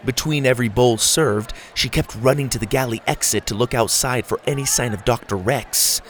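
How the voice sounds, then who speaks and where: A man reading a children's story aloud at an even, steady pace. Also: mid-range voice, moderate pace, slight background noise.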